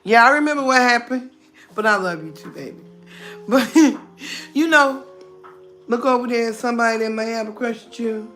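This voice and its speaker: A woman's voice: fairly high pitch, normal speed, pauses often, pushed and bright, soft background music. Blunt middle-aged woman streaming live. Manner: blunt, talkative, greets viewers by name, laughs often. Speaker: livestream host. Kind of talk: casual livestream chat.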